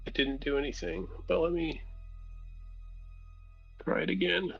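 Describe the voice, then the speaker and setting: A man's voice: a little high, fairly even intonation, unhurried, vocal fry, slightly rough. Male player, casual and hesitant, muffled lo-fi sound, faint music behind. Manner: hesitant, restarts sentences. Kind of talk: casual game chat.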